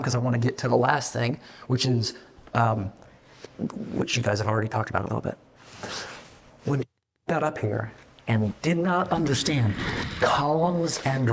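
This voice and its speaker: Male founder, middle-aged, fast and profane, animated, slightly high voice. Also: big-room sound, a little hiss or hum. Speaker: company founder. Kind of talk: casual meeting talk to staff.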